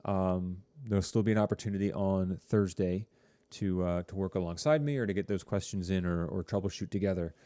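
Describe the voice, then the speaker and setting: On a live stream, a male high school TV production teacher talks loosely with students, rambling off on tangents and using lots of fillers. His delivery is brisk yet mellow, and the audio has no echo.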